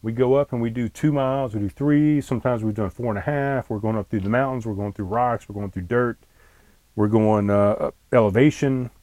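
An annoyed man rambles through a solo podcast from his camper trailer, cursing freely as he goes. His voice sits at an ordinary middle pitch. The sound is dry and close, with no room echo. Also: a little fast, darkish tone. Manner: irritated, profane, rambling. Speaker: podcast host. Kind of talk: casual solo podcast chat. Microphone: laptop on a tray in front of him.

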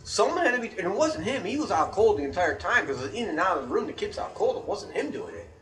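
A man co-hosting a casual chat, telling a story full of swearing and shouted outbursts. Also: high-pitched, fast talker, recorded from a distance, crowd noise. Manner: profane, animated storyteller, shouts quoted outbursts. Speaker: podcast co-host.

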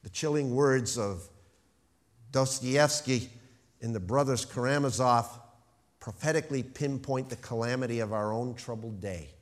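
A man preaching a sermon, stressing key words with slow, emphatic phrasing. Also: mid-range voice. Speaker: pastor.

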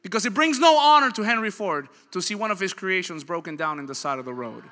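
A man in his thirties preaching a sermon, telling stories with a dynamic delivery and building to loud, emphatic peaks. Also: high voice, lively intonation, quick pace. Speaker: pastor.

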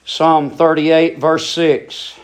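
A man preaching an impassioned sermon, his voice swinging from hushed tones to shouting, with frequent stammering restarts. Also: a little high, level tone, very slow, echoey room.

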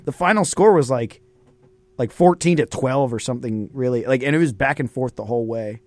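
A man's voice: medium pitch, fairly quick, a little mellow, dry recording. A young man hosting a college radio sports talk show, in casual banter full of laughs and fillers.

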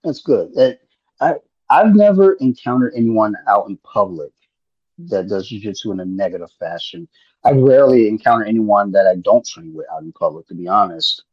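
A man's voice: fairly low pitch, lively intonation, moderate pace, slightly rough, dry recording. A man in laid-back, rambling casual chat on a podcast, swearing freely. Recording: muffled lo-fi audio.

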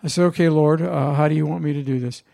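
Pastor guy preaching, gravelly voice, a bit high for a man, chatty storytelling. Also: steady tone, quick pace, mellow. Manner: conversational storytelling preacher, asks the congregation questions. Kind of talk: sermon.

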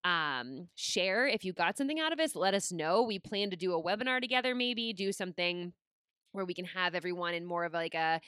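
Young woman podcast host, bright tense voice, dry close sound, enthusiastic, gushing. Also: lowish voice, expressive, a little fast, smooth, no room sound. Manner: enthusiastic, gushing, heavy use of "like". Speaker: podcast host and personal trainer. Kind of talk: casual podcast chat.

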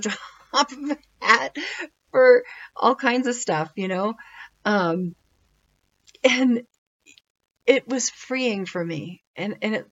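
A woman's voice: medium pitch, fairly bright tone, lo-fi sound. A woman sharing a personal faith testimony in a casual, rambling way, full of fillers and restarts.

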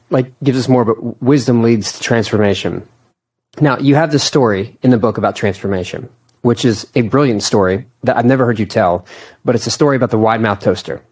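A man's voice: fairly low pitch, a little mellow. Chatty man hosting a podcast. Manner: chatty and self-deprecating, laughs often. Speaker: podcast host. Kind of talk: casual conversation.

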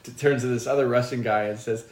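A man with an average-pitched voice co-hosts a casual chat, wandering through his points with lots of ums and restarts. The sound is roomy and echoey. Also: fairly even intonation, fast. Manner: rambling, many ums and restarts. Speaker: podcast co-host.

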